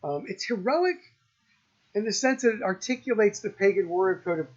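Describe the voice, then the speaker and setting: A man giving a university lecture on poetry, thoughtful and halting, with frequent pauses and restarts. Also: high voice, animated, muffled recording. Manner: halting, many ums and restarts, slow and thoughtful.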